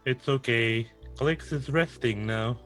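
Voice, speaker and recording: A man voicing a calm, helpful robot crewmate who speaks in an even, reassuring way. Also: mid-range voice, measured pace, no echo, soft background music, lightly acted. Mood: soothing.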